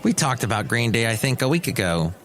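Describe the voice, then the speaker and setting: A man's voice: medium pitch, very animated, brisk, a bit bright. A man hosting his own podcast, talking alone in a rambling, sarcastic, self-mocking way. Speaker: podcast host. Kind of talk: casual solo podcast monologue. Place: small cafe studio.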